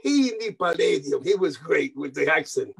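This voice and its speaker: An older man from New York, an interview guest telling animated stories, repeating words, mixing in Spanish phrases and acting out the voices of people he quotes. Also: fairly high pitch, moderate pace, gravelly, breathy edge, poor audio. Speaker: guest musician. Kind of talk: anecdotal interview storytelling.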